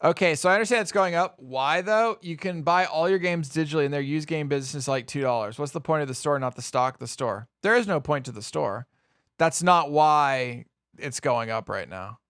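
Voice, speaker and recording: A young man livestreaming, reacting to market swings with swearing, laughter and excited exclamations. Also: fairly high pitch, moderate pace. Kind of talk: excited live stream commentary.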